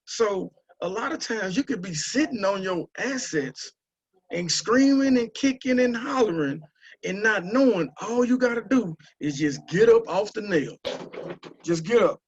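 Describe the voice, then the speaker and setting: A man from Houston, telling a story and urging listeners on a group call, with animated, repetitive exhortation. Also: high voice, unhurried. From Houston, Texas. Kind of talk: motivational storytelling. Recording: muffled lo-fi call audio.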